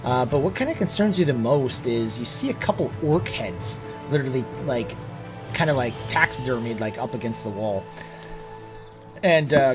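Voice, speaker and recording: A man's voice: mid-range voice, animated, normal speed, music in the background. A man narrating as game master of a tabletop game, describing scenes casually, with many fillers.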